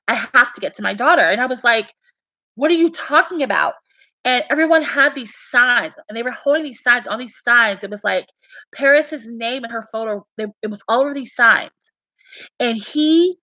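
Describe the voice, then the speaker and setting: A woman with a bright, forceful, rather high voice talks earnestly and emphatically in a casual way, sharing her beliefs and dreams as a fan while repeating herself and restarting sentences. The recording is dry with no room sound, and the audio is dull.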